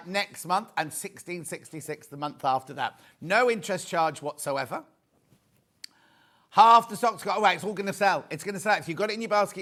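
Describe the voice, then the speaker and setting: British guy hosting a tv shopping show, high voice swinging all over, chatty, keeps repeating prices. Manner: excitable, chatty, repeats prices, asides to studio crew. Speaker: TV shopping presenter. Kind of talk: live shopping channel sales pitch. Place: TV studio.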